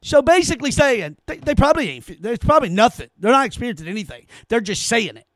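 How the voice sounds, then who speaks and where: A man's voice: very high-pitched, very animated, fast, a bit bright, no room sound. A man hosting a solo commentary podcast, ranting in a heated, sarcastic way and often stammering as he reads aloud and reacts. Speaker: podcast host.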